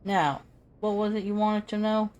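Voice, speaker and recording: A streamer doing a boastful gruff old mercenary. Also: medium pitch, flat delivery, normal speed, darkish tone, dull audio, a little hiss or hum, voice pushed up, natural voice. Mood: gruff, taunting. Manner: swaggering, taunting, folksy slang. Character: boastful gruff retired male mercenary, miller.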